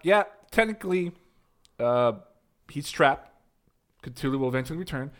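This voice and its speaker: A man's voice: fairly high pitch, expressive, moderate pace. A man co-hosting a podcast, chatting casually in a laid-back, joking and profane way. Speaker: podcast co-host. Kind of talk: casual chat.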